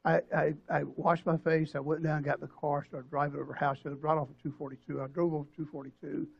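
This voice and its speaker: An older pastor tells a story from the pulpit, his husky voice running a little high. He stops and restarts often and acts out the people in it with feeling. The church recording sounds dull and lo-fi. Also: little pitch movement. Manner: emotional, halting storytelling with many restarts and acted quotes. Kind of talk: sermon storytelling. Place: church sanctuary.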